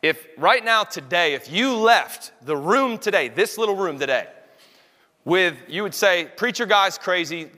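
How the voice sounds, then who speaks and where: A man delivering a sermon with intense, animated energy, slipping into quoted voices along the way. His voice sits a little high and rings bright and forceful. A long reverb trails behind him in the church room. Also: measured pace. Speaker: pastor.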